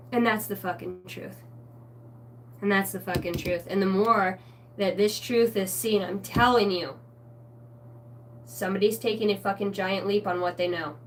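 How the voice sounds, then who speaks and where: A woman giving a rambling spiritual tarot reading, excitable and swearing constantly in a stream-of-consciousness flow. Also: mid-range voice, recorded from a distance, slight background noise. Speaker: tarot reader.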